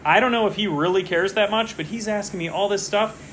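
A man's voice: high-pitched, fairly quick, fairly bright tone, slight background noise. A man co-hosting a casual podcast, chatting and rambling as he follows a fantasy football draft and gets distracted mid-story. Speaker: podcast co-host.

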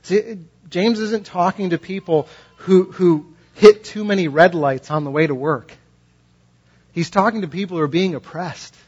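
A man with a slightly high, husky voice delivers a conversational sermon, slipping into quoted voices and rising in pitch as his point builds. The recording is dull and lo-fi. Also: moderate pace, darkish tone. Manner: conversational, acts out quoted voices, rises in pitch when impassioned. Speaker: pastor.

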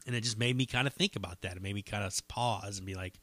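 A man's voice: on the low side, fast talker, hardly any pauses, fairly bright tone, no echo. A man hosting his own podcast solo, rambling casually with lots of swearing and self-deprecating asides. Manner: rambling, profane, self-deprecating, many fillers. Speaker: podcast host.

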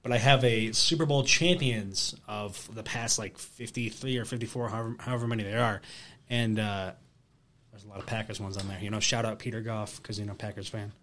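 A young man from the Rochester area, co-hosting a casual podcast and telling animated stories. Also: lowish voice. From Rochester, New York area. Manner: animated storyteller, fast and chatty. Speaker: podcast co-host. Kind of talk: casual chat. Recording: faint background noise.

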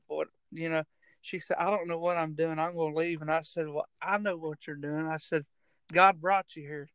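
Man, barber and minister, earnest storytelling, smooth resonant voice, dry sound. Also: on the high side, fairly even intonation, normal speed, fairly bright tone, no room sound. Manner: earnest, laughs often. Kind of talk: casual storytelling.

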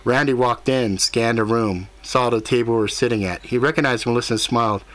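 A man's voice: mid-range voice, fairly quick, a bit bright. Man narrating an audiobook steadily. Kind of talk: scripted narration.

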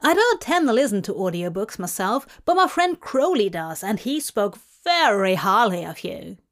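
A woman reading a story aloud and voicing a bright, polite young woman. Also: mid-range voice, sing-song, normal speed. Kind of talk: fanfic audiobook reading.

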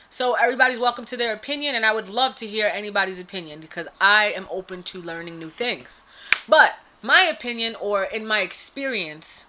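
A woman co-hosting a casual spiritual podcast, talking in an animated way that swings into loud laughing outbursts. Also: medium pitch. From United States. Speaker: podcast co-host and spiritual advisor. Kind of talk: casual chat.

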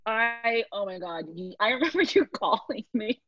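A woman's voice: a little high, very animated, moderate pace, no room sound. A woman chatting casually with a friend, laughing often as she reacts. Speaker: friend of the storyteller. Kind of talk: casual chat. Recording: dull, dry sound.

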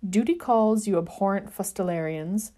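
A woman voicing a pompous, posh young male wizard who shouts haughty insults. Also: sits high, moderate pace, close to an everyday voice.

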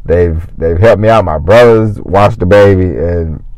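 A man's voice: low voice, a little slow, a little mellow, no room sound, poor audio. A man hosting his own podcast, talking casually and rambling with frequent restarts from his car in a parking lot. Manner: chatty, rambling, self-interrupting, folksy. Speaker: podcast host. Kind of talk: casual solo podcast monologue.

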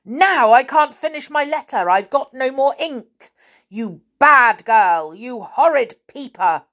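A woman voicing a hot-tempered little male pixie who rants and shouts in a storybook reading. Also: mid-range voice, lively intonation, takes it slowly, vocal fry, husky, full character voice. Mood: scolding. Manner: shouting, ranting.

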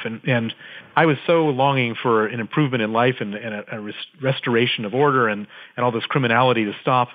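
A man's voice: mid-range voice, quick pace. A man, an interview guest, telling his story vividly and dramatically from his office over the phone. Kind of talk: conversational storytelling. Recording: tinny phone line.

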